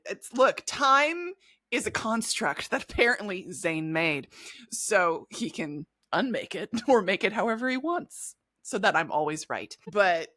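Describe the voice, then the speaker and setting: A woman's voice: mid-range voice, fairly bright tone, no echo, clean studio sound. A woman co-hosting a podcast in casual chat, talking in a dramatic, playfully over-the-top way. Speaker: podcast co-host.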